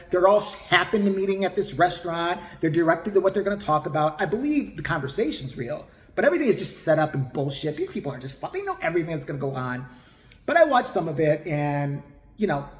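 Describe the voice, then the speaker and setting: A man giving crude, mocking comedic commentary in a profane ranting style. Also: a little high. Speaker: host. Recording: roomy echo.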